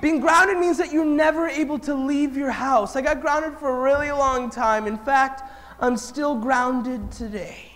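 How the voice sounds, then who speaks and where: An animated man giving a storytelling talk to children. He keeps turning to the kids with questions and swings from loud to hushed. His voice sits fairly high for a man. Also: unhurried. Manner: engages the audience with questions. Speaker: speaker at a children's event.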